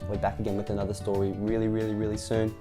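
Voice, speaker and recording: A man's voice: fairly low pitch, monotone, very fast, music in the background. A young man hosting a children's storytime, reading a storybook aloud with chuckling asides between passages. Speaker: storytime host.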